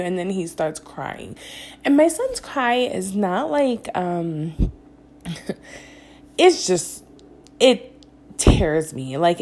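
A woman's voice: lowish voice, a little mellow. Young adult woman, mother, confessional vlog, candid, self-critical, agitated. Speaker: mother vlogger.

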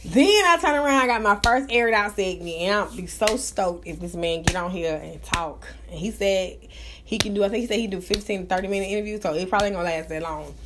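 A woman hosting her own live talk show, chatting casually in an animated, profane, gossipy way. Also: mid-range voice, fast talker, background noise. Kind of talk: casual chat.

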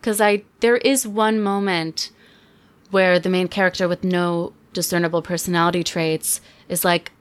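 A young woman hosting a podcast, chatting casually and sarcastically about a movie with quick asides. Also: on the low side, fairly even intonation, smooth. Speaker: podcast host. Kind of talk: casual chat, movie review.

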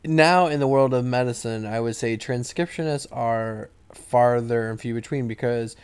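A man in casual podcast chat with a smooth, clear voice at an ordinary pitch. He explains at length, starting and stopping with plenty of fillers. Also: moderate pace. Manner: hesitant, many fillers, explanatory. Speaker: podcast co-host in medicine.

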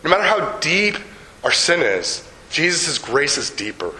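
An older man preaching a sermon. He tells a story, slows down on key words and puts questions to the congregation. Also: on the high side, very animated, bright, forceful tone, roomy sound, poor audio. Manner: storytelling, slows down for emphasis, asks the audience questions. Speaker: pastor.

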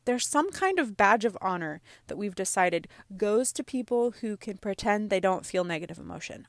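A woman's voice: medium pitch, lively intonation, normal speed, hardly any pauses, no room sound, studio quality. A woman in her thirties talking casually about emotions and self-care, using lots of "like" and "right?". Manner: conversational, frequent "like" and "right?". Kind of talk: casual self-help talk.

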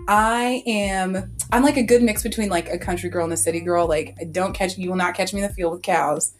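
A woman's voice: mid-range voice, brisk, faint music behind. A young woman talking as a podcast guest in a casual chat, telling stories animatedly with lots of "like" and frequent laughter. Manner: animated storyteller, heavy use of "like", laughs often.

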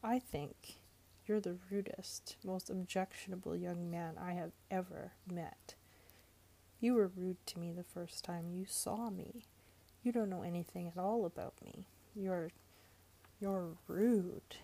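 A woman's voice: on the low side, fairly even intonation, slow pace, gravelly, full character voice. A woman voicing an indignant young woman. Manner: indignant and sharp-tongued.

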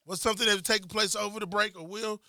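A man co-hosting a podcast in casual chat, teasing his friends with animated jokes. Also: high voice, rapid-fire. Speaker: podcast co-host.

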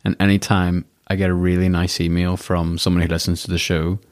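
Deep-voiced encouraging podcast host. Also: male voice, flat delivery. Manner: encouraging, reflective, quick to laugh. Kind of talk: casual interview chat.

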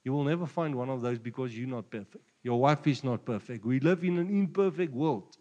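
A man with a South African Afrikaans accent preaching a sermon, jovial and quick to chuckle between points. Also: mid-range voice, darkish tone, big-room sound, lo-fi sound. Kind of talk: sermon mixing Afrikaans and English.

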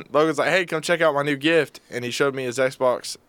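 A young man, a podcast co-host, telling a story in casual chat; animated, acting out quotes and mocking himself. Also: medium pitch, moderate pace, smooth, dry recording.

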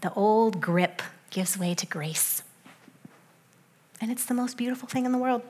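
Young woman preacher, fairly high voice, chatty and animated, dips to soft hushed tones. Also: a little slow. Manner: conversational, animated asides, soft hushed stretches. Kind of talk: sermon.

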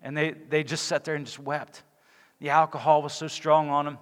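A male pastor preaching a sermon with passion, swinging between loud exclamations and hushed, quiet lines. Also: fairly high pitch, flat delivery, moderate pace. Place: church sanctuary. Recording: long reverb of a church hall.

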